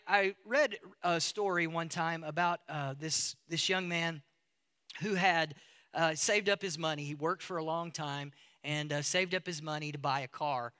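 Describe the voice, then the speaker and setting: Male pastor, storytelling sermon, bright and slightly high. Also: clean tone. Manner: storytelling, halting restarts, building emphasis.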